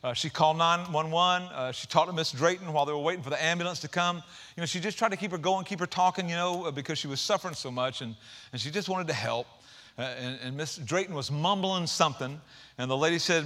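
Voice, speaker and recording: A man preaching a sermon as pastor, animated, with folksy asides and rising emphasis. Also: fairly high pitch, quick pace.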